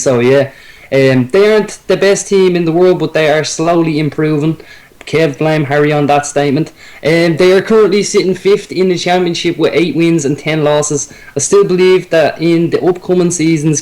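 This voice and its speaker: A man's voice: fairly high pitch, darkish tone, rough recording. A man co-hosting a gaming league chat, reading his segment with stumbles. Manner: reads notes with stumbles and laughs it off.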